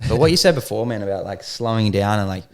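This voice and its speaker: A man's voice: on the low side, animated, quick pace. A man co-hosting a podcast in casual chat, laid-back, swearing freely and using lots of fillers. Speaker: podcast co-host.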